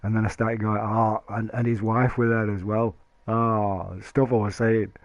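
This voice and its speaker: A man's voice: fairly low pitch, level tone, measured pace, no room sound, dull audio. A man chatting casually to stream viewers, rambling and joking, laughing often. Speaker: live streamer.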